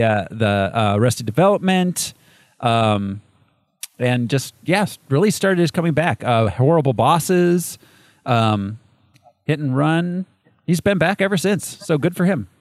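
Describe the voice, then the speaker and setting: A man co-hosting a laid-back movie chat, talking in loose, rambling runs full of fillers and little laughs. His pitch moves around a lot as he goes, and the recording is dry and close. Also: no echo. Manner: rambling, many fillers and restarts, laughs often. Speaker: podcast co-host. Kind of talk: casual movie review chat.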